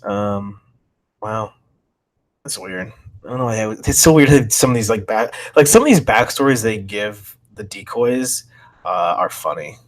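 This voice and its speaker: A man's voice: fairly low pitch, expressive, moderate pace. A man reading chat logs aloud and commenting, thinking aloud and reacting with disbelief.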